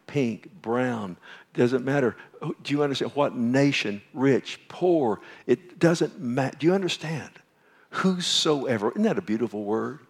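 A man preaching a sermon as pastor, asking the congregation rhetorical questions and swinging from loud emphatic calls to hushed near-whispers. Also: mid-range voice, vocal fry, breathy edge. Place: church.

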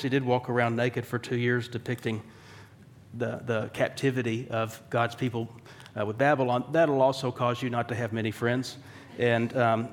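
A man preaching a sermon in a conversational way, asking rhetorical questions and slipping in dry, wry humor. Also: mid-range voice. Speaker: pastor.

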